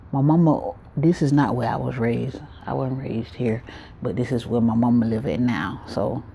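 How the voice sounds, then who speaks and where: Gravelly vlogger chatting. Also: mid-range voice, warm tone, slight background noise. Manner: loose, rambling, talks straight to the viewers. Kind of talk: casual vlog talk to viewers.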